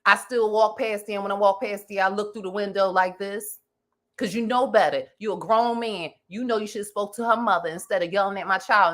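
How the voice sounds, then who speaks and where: A woman's voice: medium pitch, a bit bright. A woman, co-hosting a casual chat show, talking heatedly and cutting in over her co-host. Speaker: podcast co-host.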